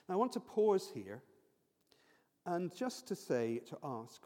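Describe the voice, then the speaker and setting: A man's voice: high-pitched, big pitch swings, normal speed, warm tone. A man preaching a sermon in an earnest, stumbling way, often restarting his words. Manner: earnest, many repeated restarts. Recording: long reverb of a large hall.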